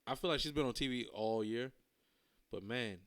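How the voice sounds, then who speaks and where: A man's voice: mid-range voice, normal speed, a bit bright. Male podcast co-host, casual and rambling, mid-range voice, easygoing slang. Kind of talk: casual wrestling chat.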